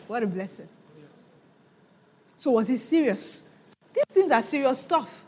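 High, lively woman preaching in a hall. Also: a little slow, pauses often, slightly rough. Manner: animated, laughs often, dramatic retelling. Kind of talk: sermon, Bible teaching.

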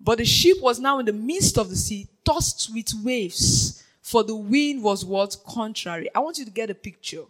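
An animated preacher delivers a sermon in a bright, sharp voice. The delivery swings from near-whispers up to shouts, with frequent laughter and repeated check-ins with the listeners. The pitch sits at a middle height. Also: moderate pace, rough recording. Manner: keeps checking in with the audience.

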